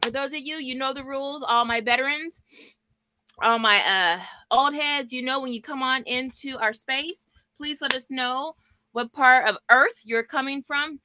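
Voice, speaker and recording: Middle-aged woman from texas running a casual book chat stream, upbeat and talky, bit high voice. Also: normal speed, dry recording. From Texas, US South. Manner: lively, chatty, greets viewers by name. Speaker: homeschool book club host. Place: small home office. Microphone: desk mic.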